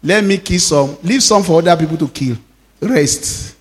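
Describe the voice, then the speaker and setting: A Nigerian pastor in his fifties preaching a sermon as an animated storyteller, laughing often and dropping Yoruba phrases into his English. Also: fairly high pitch, moderate pace. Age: 50s.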